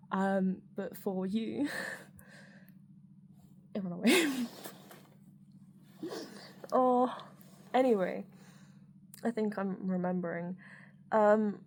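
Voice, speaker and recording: A woman's voice: mid-range voice, a little mellow. Woman, candid rambling vlogger, fillers and casual swearing, faint background hiss. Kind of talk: personal reflective monologue.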